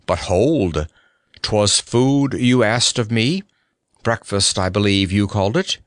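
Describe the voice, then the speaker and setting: A man voicing a gloomy, dignified old knight with a high, hoarse voice and archaic, stately speech in an audiobook. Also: expressive, slow, no room sound, clean studio sound. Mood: solemn. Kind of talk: audiobook character voice.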